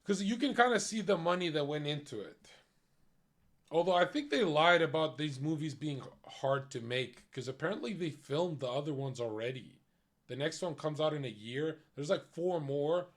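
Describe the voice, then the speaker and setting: A young man talks to his stream in a casual, blunt rant. His voice sits a little higher than most men's, and he swears freely as he runs through his opinions. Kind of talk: casual chat.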